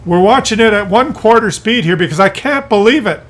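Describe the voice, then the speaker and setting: Exasperated, high-pitched male game commentator. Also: brisk. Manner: exasperated, incredulous, animated. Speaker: gameplay commentator. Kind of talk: replay commentary.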